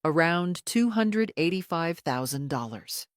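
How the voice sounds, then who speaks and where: A woman's voice: fairly low pitch, expressive, a little slow, dry recording, studio quality. A woman voicing a guarded husband giving curt, evasive answers on the stand. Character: evasive, controlled husband under questioning.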